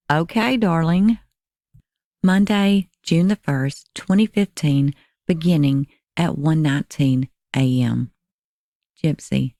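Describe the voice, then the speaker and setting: A woman narrating a crime channel, reading text messages aloud in a measured, even voice. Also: low voice, dry recording, clean studio sound.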